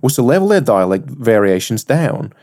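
A man reading an article aloud in a deliberately overdone, put-on Australian accent. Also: mid-range voice, big pitch swings, a little mellow. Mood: mock-serious. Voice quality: exaggerated, self-consciously bad accent.

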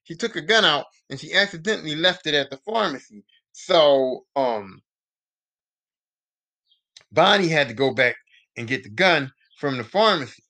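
A man's voice: on the high side, expressive, moderate pace, long pauses, pushed and bright. A male podcast host giving a casual, profane, rambling recap of a TV show.

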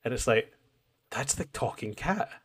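A man's voice: medium pitch, expressive, a little slow, slightly rough. A man co-hosting a podcast, chatting casually and rambling as he recaps an anime, acting out lines. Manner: rambling, self-interrupting, acts out quotes. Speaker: podcast co-host.

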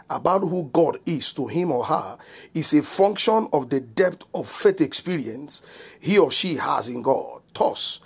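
A man's voice: on the high side, slightly rough. A male pastor gives a broadcast devotional sermon and prayer. He speaks solemnly, declaring blessings and repeating rhetorical questions.

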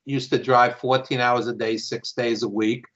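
Bright-voiced man, earnest and reflective. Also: medium pitch, little pitch movement, normal speed. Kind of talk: casual interview chat. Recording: dull muffled audio.

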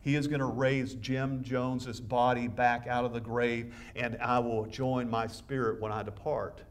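A man's voice: mid-range voice, flat delivery, a little slow, distant mic. A man preaching a sermon as pastor, enthusiastic and conversational, with frequent restarts. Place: church sanctuary.

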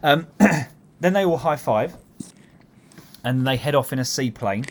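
Man, casual podcast co-host, mid-pitched, rambling, faint hiss behind. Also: lively intonation, measured pace. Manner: rambling, amused, many fillers. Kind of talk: casual comedic chat.

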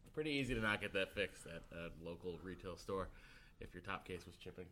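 Brief: male co-host, lower voice, quiet dry interjections. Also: brisk. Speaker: podcast co-host. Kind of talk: casual podcast chat.

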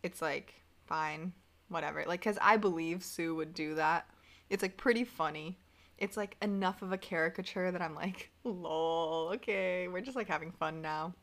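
A young woman co-hosting a casual recap podcast, sarcastic and animated, acting out quoted lines. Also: on the low side, moderate pace. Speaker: podcast co-host.

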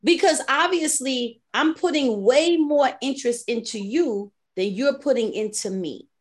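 A woman in her forties or older, hosting a podcast in casual chat, an animated storyteller who laughs often, speaking. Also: sits high, measured pace. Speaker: podcast host.

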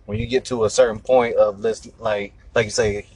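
A man's voice: fairly low pitch, level tone, brisk, darkish tone, husky. A man interviewing a guest, laid-back, asking short questions and backing him up. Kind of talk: casual conversational interview.

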